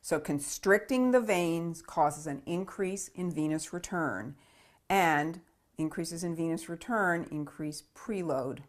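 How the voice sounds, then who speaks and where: Woman, deep voice, lecturer, methodical, repeats key terms, asks "okay?". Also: takes it slowly. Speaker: physiology lecturer. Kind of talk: recorded lecture.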